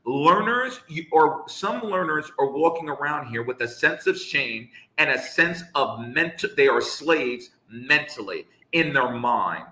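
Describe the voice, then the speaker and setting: A man in his fifties hosts a live talk, his voice bright and forceful. He repeats himself for emphasis and argues with conviction. The room is echoey. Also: on the high side, expressive, unhurried, hardly any pauses. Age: 50s. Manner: passionate, emphatic, repeats points for effect. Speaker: show host. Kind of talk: live discussion.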